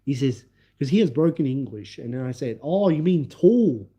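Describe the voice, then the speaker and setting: A man's voice: mid-range voice, animated, normal speed, warm tone, slightly rough. A young man telling rambling stories on a casual live stream, laughing often and repeating the same filler words. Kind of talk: casual livestream storytelling.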